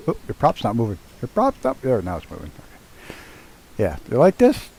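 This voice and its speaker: At home with his dog nearby, a male live streamer narrates his flight sim flying to viewers in a gravelly mid-range voice with huge pitch swings, at normal speed and with frequent pauses. He's loose and swears freely, chatting while handling cockpit tasks. The recording is rough.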